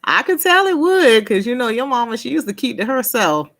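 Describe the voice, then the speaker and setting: A woman's voice: a little high, sing-song, brisk, a bit bright. A woman chatting casually on a live stream, laughing often, reading out and answering viewers' comments by name, and trailing off and restarting her sentences.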